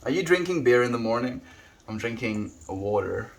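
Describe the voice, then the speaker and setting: A man livestreaming, chatting casually and warmly greeting viewers by name as he reads the chat. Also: medium pitch, animated, moderate pace, vocal fry, slight background noise.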